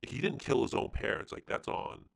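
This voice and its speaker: A man's voice: normal speed, slight background noise, rough recording. A man co-hosting a podcast, chatting about films in a hesitant, crude, offhand way. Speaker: podcast co-host. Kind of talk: casual film discussion.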